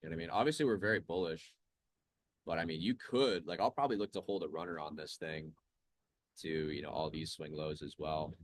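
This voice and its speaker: A relaxed young man with a low, deep voice chats casually while commenting on trades live. His voice is close and dry, with no room sound around it. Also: fairly quick, no echo. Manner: laid-back, chatty, reads chat aloud. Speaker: trading livestream host.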